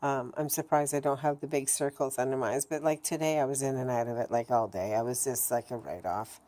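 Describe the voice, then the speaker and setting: A woman with a low, mellow voice talks straight to the camera in a candid video diary. She is blunt and swears freely. Her thoughts ramble, with frequent stops and restarts. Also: a little fast. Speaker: vlogger.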